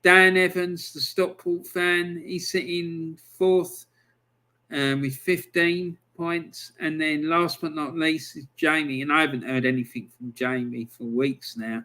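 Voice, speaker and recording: A man's voice: a little high, little pitch movement, unhurried, sharp tone. A man hosting his own football review channel, talking alone in a chatty, exasperated, bantering way. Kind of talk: solo football review talk.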